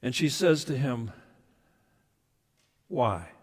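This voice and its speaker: A man preaching a sermon as pastor, emphatic at times and then dropping to soft, intimate asides. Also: on the high side, big pitch swings, unhurried. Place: church sanctuary. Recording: reverberant hall sound.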